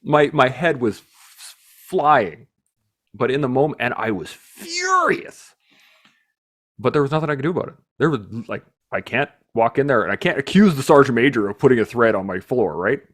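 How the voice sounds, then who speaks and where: A man hosting a podcast, telling stories in a casual, animated way, swearing freely and laughing as he talks. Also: medium pitch, moderate pace. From Canada. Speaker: podcast host. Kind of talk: casual storytelling chat.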